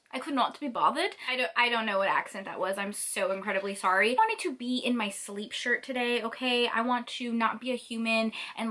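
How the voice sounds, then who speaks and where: A woman's voice: a little high, bright, forceful tone. A young woman hosting a book vlog from home, chatting to camera in a bubbly, chatty, self-deprecating way. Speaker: book vlogger. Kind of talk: casual chat to camera. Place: at home, indoors.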